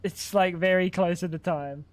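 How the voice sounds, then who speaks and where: High-voiced young male streamer. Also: steady tone, moderate pace. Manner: banters with chat, swears freely. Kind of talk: casual live-stream chat.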